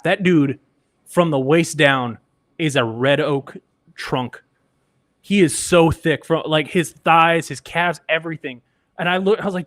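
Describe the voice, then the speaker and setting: A man who works as a radio engineer, a guest on a sports podcast, telling anecdotes in a lively way and acting out other people's lines. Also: a little high, measured pace, dry recording, studio quality. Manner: animated anecdotes, acts out quoted voices. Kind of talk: casual storytelling.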